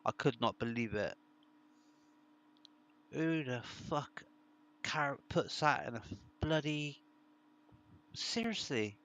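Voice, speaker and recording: A man's voice: medium pitch, takes it slowly, pauses often, a bit bright. A British man chatting casually to his viewers, telling rambling true stories with plenty of swearing. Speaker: streamer.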